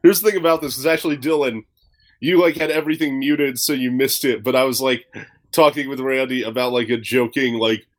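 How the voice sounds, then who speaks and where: A man's voice: mid-range voice, fairly even intonation, fairly quick. A man co-hosting a podcast in loose, rambling chat, swearing freely and filling with "like". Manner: rambling, profane, lots of "like". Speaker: podcast co-host.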